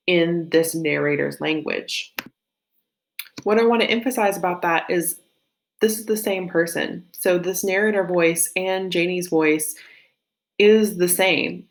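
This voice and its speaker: A woman with a light Southern US accent, teaching a literature lesson in a chatty, think-aloud way with frequent fillers and self-corrections. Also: fairly low pitch. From Southern United States. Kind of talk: recorded classroom lesson.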